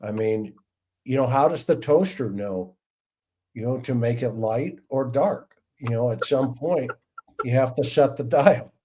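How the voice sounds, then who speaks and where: With a medium-pitched voice that has a breathy edge, a middle-aged former police officer who now hosts a podcast spins casual livestream stories at a measured pace. He performs the voices of everyone in his anecdotes.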